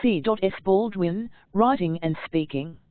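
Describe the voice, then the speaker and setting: A woman with a lowish voice reads an instructional audiobook in a steady, measured way. The sound is narrow and tinny, like a phone line, and bone-dry with no room around it. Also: no echo. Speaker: audiobook narrator. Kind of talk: scripted audiobook narration.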